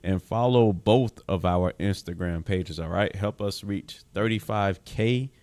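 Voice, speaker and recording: A man co-hosting a talk show, giving upbeat outro announcements and shout-outs. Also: sits low, measured pace, no room sound. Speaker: co-host.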